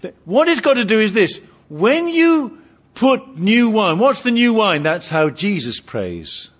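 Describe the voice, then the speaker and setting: A man's voice: sits high, very animated, a little slow. A man preaching a sermon with humour, asking his congregation questions, on a dull lo-fi recording. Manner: humorous, asks the congregation questions.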